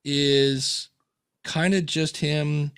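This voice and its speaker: A man's voice: fairly high pitch, drawn-out words, smooth, no room sound, clean studio sound. A man hosting a podcast in casual chat, telling stories and acting out quotes with animation. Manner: animated storyteller, acts out quotes. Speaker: podcast host.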